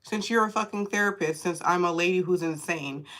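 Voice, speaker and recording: A woman tarot reader talking live into her phone, animated and indignant, cursing freely as she vents. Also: fairly low pitch, a little fast. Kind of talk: live-streamed tarot chat.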